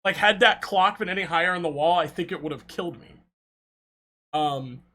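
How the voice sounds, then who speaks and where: Young male streamer, high bright voice, lively casual storytelling, cursing freely. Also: moderate pace. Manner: animated, swearing, laughing often.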